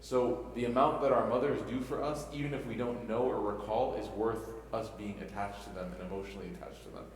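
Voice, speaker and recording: The young man, an imam raised in Chicago with family roots in Egypt, speaks to youth in a mosque in an emotional talk, weaving in stories, jokes and frequent rhetorical questions. Medium in pitch with fairly even intonation, he talks fairly quickly and barely pauses. Slight background noise comes through, and the echoey hall recording sounds far off.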